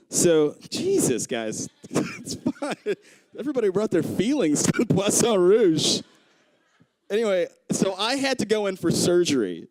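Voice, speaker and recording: Young guy doing stand-up, storytelling, does all the voices, a bit higher voice, close dry mic. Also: no echo. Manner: animated, acts out voices of people in his story. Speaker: stand-up comedian. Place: comedy club stage.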